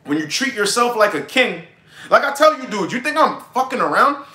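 Brash, bright-voiced young man preaching. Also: high-pitched, sing-song, brisk, roomy sound. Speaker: dating advice streamer. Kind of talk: casual livestream monologue.

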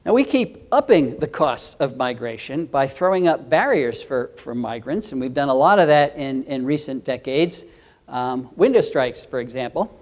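A man's voice: medium pitch, lively intonation, moderate pace, a little mellow. An older man, a professor, giving a conference keynote lecture in an earnest, explanatory way, often restarting phrases. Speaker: keynote speaker, entomology professor.

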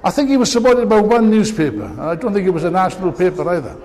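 A man's voice: high voice, very animated, fast, darkish tone. A man giving an impassioned political speech to an audience, with mocking asides. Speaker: political speaker. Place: large meeting hall. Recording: long reverb of a hall.

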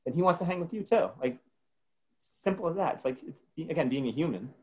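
A man's voice: a little high, expressive, a little fast, a little mellow. Man from New Jersey, laid-back webinar co-host, lots of "like". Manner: casual, full of filler words like "like". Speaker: co-host presenter. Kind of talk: casual webinar discussion.

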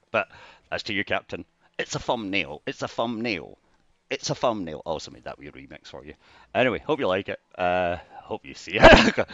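A Scottish man rambling casually to camera, jokey, with sudden bursts of excitement between mumbled asides. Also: extremely low pitch, no echo. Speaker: vlogger. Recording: dull lo-fi dry recording.

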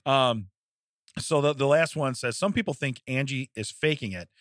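A man's voice: medium pitch, normal speed, fairly bright tone, dry recording, studio quality. A man co-hosting a casual comedy podcast, laughing often and acting out silly voices. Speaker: podcast co-host. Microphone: studio mic.

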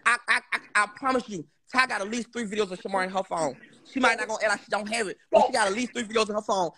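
A man's voice: high voice, rapid-fire, crowd noise. A man on a livestream call, insisting and swearing oaths as he defends himself. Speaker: live stream guest. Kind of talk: heated livestream argument.

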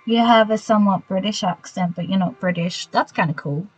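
A woman's voice: mid-range voice, fairly quick, breathy edge, faint music behind, poor audio. An Australian woman streaming a video game, chatting casually with viewers and muttering reactions as she plays. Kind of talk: casual gameplay chat with live viewers.

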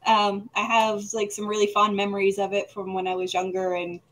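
A woman's voice: mid-range voice, monotone, a little fast, fairly bright tone. A woman introducing herself as a player on a game stream, bubbly and rambling. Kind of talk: casual chat.

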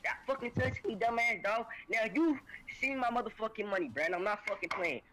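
A man's voice: high voice, quick pace. A man trash-talking an opponent over a voice call, profane and taunting, his speech drawn out and slurred. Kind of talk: heated trash talk over voice chat. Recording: noisy voice chat audio.

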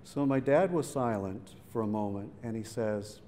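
Middle-aged man, public talk, mellow low voice, conversational storytelling, reverberant hall, faint background noise. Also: normal speed. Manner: conversational, acts out quoted voices. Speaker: speaker. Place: museum event hall.

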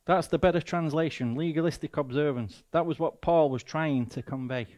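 Mancunian male guest preacher, fairly high voice, emphatic, rhetorical questions. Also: normal speed, darkish tone. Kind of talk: sermon.

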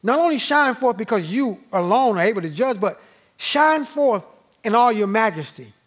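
A man leading a church Bible study, slow and emphatic, repeating key phrases and rising when he reads scripture aloud. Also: high voice, animated. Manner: rises and slows when reading scripture aloud. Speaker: pastor teaching Bible study.

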